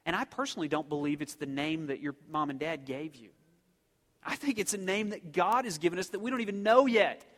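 Speaking a little fast in a somewhat bright voice on the high side, this pastor delivers an emphatic sermon packed with rhetorical questions. The room carries a long hall reverb.

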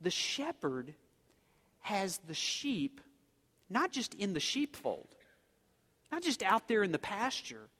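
Slow and marked by long pauses, this pastor's voice sits high, pushed and bright, with huge pitch swings as he preaches emphatically to his congregation and poses rhetorical questions. The hall adds a long reverb.

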